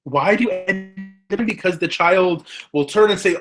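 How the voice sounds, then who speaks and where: Earnest rabbi teaching a lecture. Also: male voice, sits high, moderate pace, hardly any pauses, soft background music. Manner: earnest, explains step by step, poses rhetorical questions. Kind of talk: recorded lecture.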